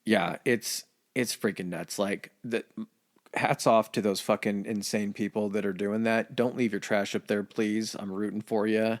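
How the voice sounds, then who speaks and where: A man with a somewhat low voice, co-hosting a podcast in relaxed, unscripted chat. He talks loosely and swears freely, padding his thoughts with "like" and quick restarts. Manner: loose and profane, with lots of filler like "like". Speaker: podcast co-host. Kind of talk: casual chat.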